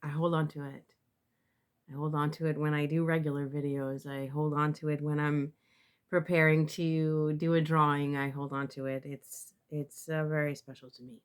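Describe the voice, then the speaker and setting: A woman, a tarot reader, talking casually to camera in a halting way with many fillers and restarts, sounding emotional and close to tears. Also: deep voice, little pitch movement, clear, resonant tone.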